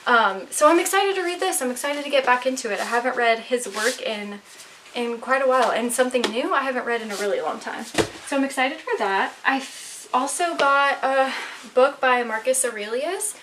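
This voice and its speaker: A woman's voice: high voice, animated, moderate pace. A young woman chatting casually about her new books and gifts, enthusiastic and full of fillers, a little out of breath, at home. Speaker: vlogger. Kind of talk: casual book haul chat. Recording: slightly distant mic, faint noise.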